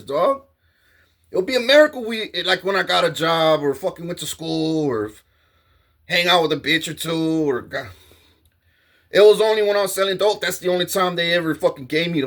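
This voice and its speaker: A man's voice: sits high, normal speed, fairly bright tone. A man telling a heated, profane story in a casual monologue. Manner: profane, streetwise, heated storytelling with acted quotes. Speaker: storyteller recounting a confrontation.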